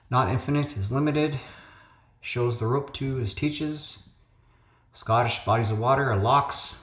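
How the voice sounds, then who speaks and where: A man's voice: mid-range voice, fairly bright tone. A man hosting a puzzle video, talking casually through his solves and thinking aloud with lots of ums and uhs. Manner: thinks aloud with frequent fillers. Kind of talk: casual solo commentary. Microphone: phone webcam. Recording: echoey home room.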